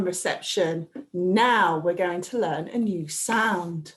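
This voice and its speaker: A woman teaching a phonics lesson to a reception class, sounding out letters slowly and speaking with animated exclamations. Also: medium pitch. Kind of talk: phonics lesson for young children.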